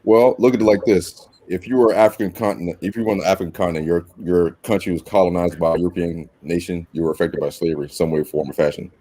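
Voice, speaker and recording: A man's voice: low-pitched, fairly even intonation, fast talker, few pauses, mellow. A man arguing his point in a casual discussion, emphatic and swearing freely. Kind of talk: casual debate chat.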